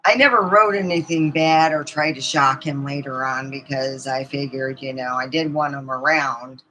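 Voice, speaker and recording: A woman's voice: extremely low pitch, normal speed, bright, forceful tone, slight background noise, low-quality recording. A middle-aged woman telling rambling personal stories in a casual vlog, laughing often as she goes. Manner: rambling, chatty, laughs often mid-story. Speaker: vlogger.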